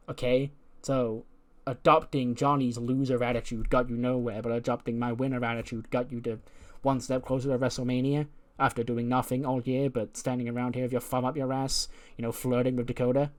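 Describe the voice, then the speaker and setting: A man hosting a wrestling management game series, retelling the storyline and reading out each wrestler's lines in a quick, casual way. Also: mid-range voice, steady tone. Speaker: let's play host. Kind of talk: narrating and voicing a wrestling sim story.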